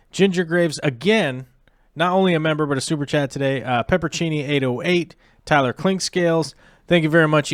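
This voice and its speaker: A man's voice: on the high side, smooth, no room sound, clean studio sound. A man hosting a casual aquarium livestream, chatting loosely with many fillers and restarts.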